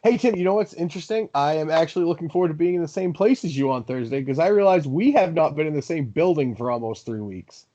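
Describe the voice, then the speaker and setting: Podcast dude teasing his buddy, slightly high voice, muffled lo-fi audio. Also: expressive, fast talker, hardly any pauses, warm tone. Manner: teasing, laughs easily. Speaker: podcast co-host. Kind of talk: casual chat.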